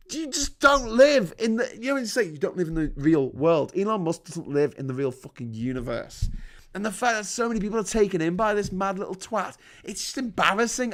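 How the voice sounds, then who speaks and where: A man hosting a live stream, delivering profane, sarcastic, heated commentary. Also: sits high. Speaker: livestream host.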